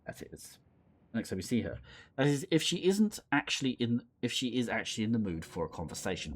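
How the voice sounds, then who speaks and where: A man's voice: medium pitch, very animated, normal speed, darkish tone, husky. A young man casually commentating and reading aloud a horror game, playful and rambling, often mocking himself. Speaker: let's play host.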